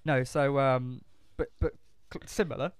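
A man's voice: medium pitch, steady tone, measured pace, over a noisy crowd. A man chatting casually as a podcast co-host, rambling with lots of swearing, fillers and restarts. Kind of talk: casual chat.

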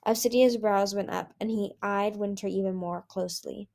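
A woman's voice: medium pitch, fairly even intonation, moderate pace, vocal fry, a little mellow. Woman reading a novel aloud. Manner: hesitant, with frequent restarts. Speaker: audiobook reader.

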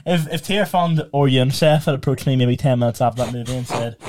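A man's voice: mid-range voice, fast talker, a little mellow. A young man, co-hosting a podcast and telling stories with frequent laughter. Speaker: podcast co-host. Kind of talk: casual chat, storytelling.

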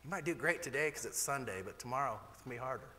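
Male pastor, sermon delivery, bright forceful tone, candid and animated, long reverb of a church hall. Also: very fast, a little hiss or hum. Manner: candid, animated preaching with sudden rises in pitch.

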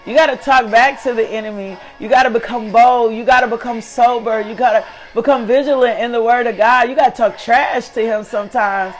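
A woman's voice: fairly high pitch, steady tone, a little fast. A middle-aged woman hosting a faith talk show, preaching with fervent, emphatic repetition. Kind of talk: preaching, motivational devotional talk. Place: her living room.

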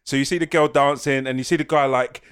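A man's voice: medium pitch, fairly even intonation, fast, a bit bright, clean tone. A man co-hosting a podcast, telling a chatty story in casual chat and acting out the quotes. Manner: chatty, acts out quotes as he tells stories. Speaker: podcast co-host.

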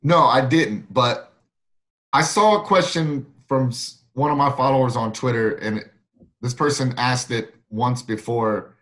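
A man's voice: mid-range voice, a bit bright. A man hosting a casual group chat, joking and laid-back. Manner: joking, laid-back, says bro a lot. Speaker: podcast host.

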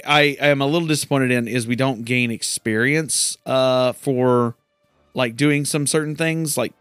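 A man's voice: mid-range voice, a bit bright, clean tone, no room sound. A man giving casual, rambling commentary while playing a video game, often incredulous at what happens. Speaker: gamer. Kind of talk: let's play commentary.

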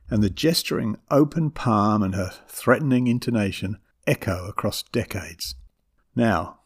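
A middle-aged man reading a memoir as a scripted narration, with measured, dramatic storytelling. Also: lowish voice, creaky.

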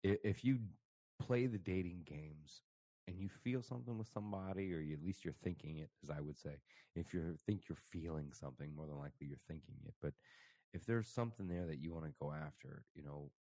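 A man in his thirties co-hosting a radio talk show, telling stories in a profane, animated way. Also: rumbling low, brisk, no room sound. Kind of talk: casual on-air chat.

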